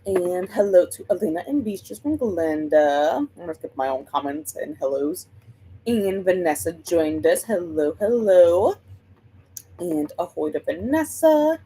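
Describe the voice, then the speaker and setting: A woman's voice: on the low side, very animated, normal speed, dark tone, a little hiss or hum, poor audio. A woman hosting a book livestream, chatting casually and rambling while she greets viewers by name.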